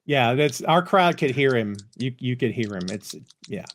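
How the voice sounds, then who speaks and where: A man hosting a casual podcast chat who tells animated anecdotes. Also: medium pitch, moderate pace, a little hiss or hum. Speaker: podcast host.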